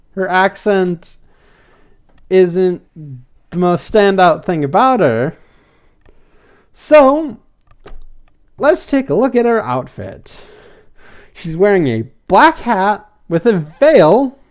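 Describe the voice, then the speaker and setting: A man's voice: high voice, big pitch swings, drawn-out words, long pauses. A man hosting a podcast, casually recapping a cartoon episode, rambling and repeating fillers as he goes. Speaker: podcast host.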